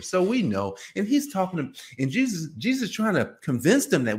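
A man's voice: sits high, moderate pace, hardly any pauses. A man giving an informal, conversational sermon, acting out biblical dialogue in voices. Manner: animated, acts out biblical dialogue in character voices; conversational, many fillers like "you know" and "man". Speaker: preacher.

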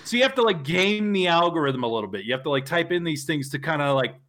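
A man's voice: on the high side, expressive, fast, fairly bright tone. A man chatting casually as a podcast co-host, jokey and rambling. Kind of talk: casual chat.

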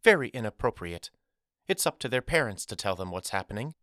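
A man's voice: on the low side, sing-song, fairly quick, fairly bright tone, no echo, studio quality. A man reading an audiobook voices a female schoolteacher who is worried but firm and protective of her class, her voice quavering. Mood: anxious. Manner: quavering, then firm and final.

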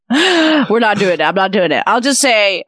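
A woman's voice: mid-range voice, very animated, unhurried, a bit bright, dry recording, clean studio sound. A young woman with a Canadian accent, co-hosting a podcast and retelling a story in a rambling, filler-heavy way. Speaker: podcast co-host. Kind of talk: casual chat, retelling a comedy bit.

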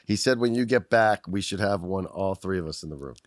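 A man's voice: sits low, fairly quick, no room sound, clean studio sound. A man co-hosting a podcast, chatting in a rambling, apologetic way over a video call, swearing and laughing often. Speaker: podcast co-host. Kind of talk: casual chat. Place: Los Angeles, recording over video call.

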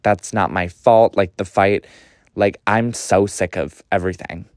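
Gossipy young man, low and dry. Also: no room sound. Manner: animated, gossipy, swears a lot, pitch often jumps up. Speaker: podcast host. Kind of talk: casual storytelling monologue.

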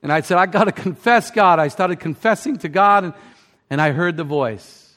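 A male preacher delivering a sermon with real passion. His fairly high voice swings up and down widely, building to emphatic peaks before dropping almost to a murmur. The sound carries a long reverb from a large hall. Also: animated, normal speed, fairly bright tone. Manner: impassioned, rising to emphatic peaks then dropping low. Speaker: pastor.

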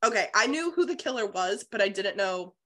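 Animated woman retelling a novel. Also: medium pitch, fairly quick. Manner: animated retelling, swears freely. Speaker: podcast co-host. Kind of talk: casual book-club chat.

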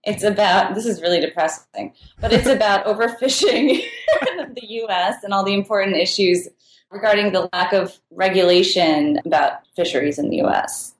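A woman's voice: mid-range voice, expressive, moderate pace, slight background noise. A woman answering interview questions in a casual, chatty way, laughing often as she talks. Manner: chatty and giggly, with frequent laughs. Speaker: podcast guest, food writer. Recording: echoey room.

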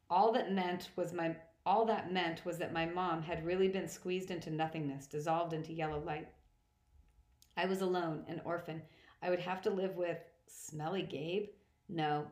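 A woman reading first-person novel narration aloud in a plain, steady manner. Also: lowish voice. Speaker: audiobook reader. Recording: roomy echo.

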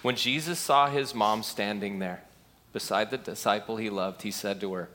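A man preaching a sermon in a slow, measured way. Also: on the low side, pushed and bright. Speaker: pastor.

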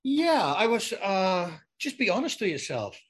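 A man with a fairly high, forceful and bright voice chats as an interview guest. He tells anecdotes with plenty of restarts and emphatic asides, in a relaxed, conversational way. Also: unhurried. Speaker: guest, former fighter turned actor. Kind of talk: casual storytelling interview.

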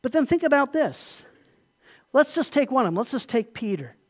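A man's voice: extremely high pitch, very animated, normal speed. Man preaching an emphatic sermon. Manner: emphatic, asks the congregation questions. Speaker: pastor.

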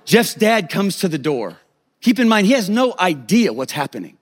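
A man preaching a sermon as a pastor, telling a personal story in an animated, humorous way. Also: high-pitched, moderate pace, husky.

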